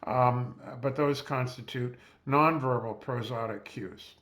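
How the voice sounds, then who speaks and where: A man, a physician, giving a measured, explanatory lecture over slides while seated at a close mic. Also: mid-range voice, fairly bright tone. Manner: measured, explanatory, spells out terms.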